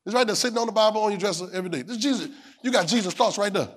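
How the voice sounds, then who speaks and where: A male preacher with a high voice that rises and falls as he works the congregation. He repeats his lines for weight and asks if they are hearing him. He builds to loud peaks and then drops back down. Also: rapid-fire. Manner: call-and-response preaching, rising to shouts. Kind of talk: sermon.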